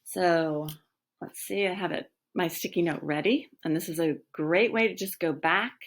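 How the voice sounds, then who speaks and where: A woman's voice: fairly low pitch, moderate pace. Chatty woman teacher recapping a chapter. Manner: casual, chatty, full of ums. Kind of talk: reading a novel aloud and recapping for students.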